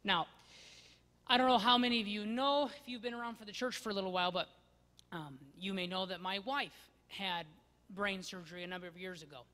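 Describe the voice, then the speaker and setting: A man preaching a sermon from a church, swinging between loud emphasis and hushed asides. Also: high voice, steady tone, brisk. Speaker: pastor. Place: church sanctuary. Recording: long church-hall reverb.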